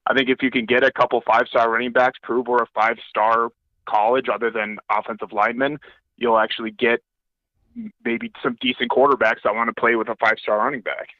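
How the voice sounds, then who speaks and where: A man's voice: mid-range voice, level tone, a little fast, dry recording, dull audio. A man calling in to a sports show, asking a rambling, hesitant question. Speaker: caller. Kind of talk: call-in question.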